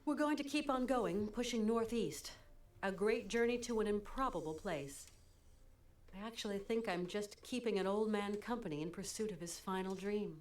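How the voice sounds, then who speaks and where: A woman's voice: mid-range voice, moderate pace, close to an everyday voice. An actress with an American accent playing a composed, curious woman traveler in a video game, asking polite questions.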